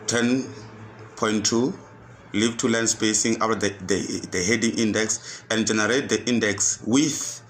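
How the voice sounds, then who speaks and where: Low slow-speaking man teaching software steps. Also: slight background noise. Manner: repetitive step-by-step instructions, restating each step. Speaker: computer skills tutor. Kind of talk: screen-recorded software tutorial.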